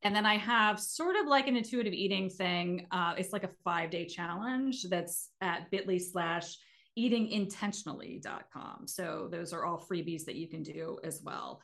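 A woman's voice: on the low side, normal speed, vocal fry. Middle-aged woman, earnest coach, casual podcast guest. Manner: earnest, animated when making a point. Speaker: guest, emotional eating coach.

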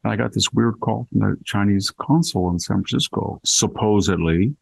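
A man's voice: on the low side, normal speed, gravelly, husky, no room sound, low-quality recording. An older man hosting a podcast, chatting casually and telling anecdotes with plenty of asides. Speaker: podcast host. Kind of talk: casual chat.

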